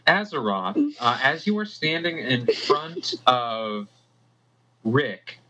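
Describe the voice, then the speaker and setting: A man running a tabletop game as game master, slow and hesitant, with many fillers. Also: medium pitch, big pitch swings, bright, forceful tone. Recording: music playing behind.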